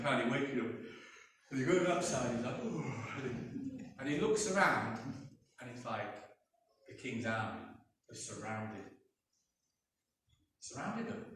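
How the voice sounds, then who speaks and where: A man's voice: mid-range voice, a bit bright, slight background noise. A man preaching a sermon as pastor, telling a story in a conversational way and acting out voices. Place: church, indoors. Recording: echoey church from a distance.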